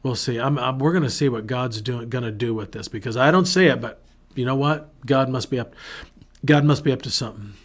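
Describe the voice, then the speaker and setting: A man's voice: mid-range voice, brisk. A man, a pastor hosting his own show, giving an earnest, conversational devotional talk with many restarts, acting out prayers and quotes. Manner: acts out prayers and quotes in a shifting voice. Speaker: pastor and podcast host.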